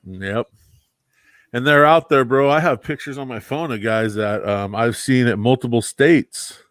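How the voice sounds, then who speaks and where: A man's voice: mid-range voice, unhurried, fairly bright tone, no room sound. A man casually telling stories about his old security work, acting out the people he quotes and dropping "bro" and "dude". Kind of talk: casual storytelling chat.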